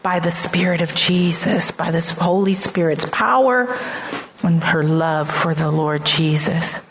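A woman's voice: lowish voice, measured pace, a little hiss or hum. A woman pastor giving an earnest radio sermon, stressing points through repeated phrases and often restarting her words. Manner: frequent restarts and stammered repeats.

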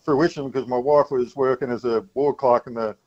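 A man calls in to a radio show and tells his story in a halting, laconic way. His voice sits at an ordinary pitch. The phone line sounds dull. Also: fairly even intonation, darkish tone. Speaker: radio caller.

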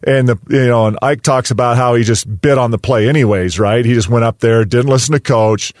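Excited man telling football stories. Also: medium pitch, a little fast, no echo, studio quality. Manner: enthusiastic, rambling storyteller. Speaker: podcast co-host, former NFL player. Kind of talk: casual sports chat.

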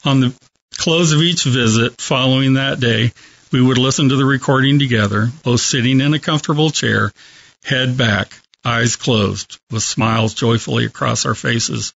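Calm man with a gravelly voice. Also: medium pitch, moderate pace, no room sound, muffled recording. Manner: calm, reflective storytelling. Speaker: hospice worker telling a story. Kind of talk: storytelling on a radio talk show.

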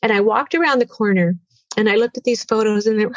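A woman in her sixties giving an earnest personal testimony as an interview guest, halting and tearful at times. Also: fairly high pitch, no room sound, highs cut off.

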